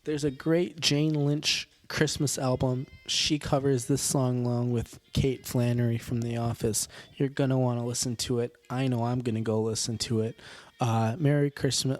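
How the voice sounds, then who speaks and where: A young man hosting a podcast, hoarse from a sore throat, rambling along with halting fillers and self-deprecating asides. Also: mid-range voice, flat delivery, darkish tone. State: hoarse from tonsillitis. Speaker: podcast host. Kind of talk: casual podcast sign-off.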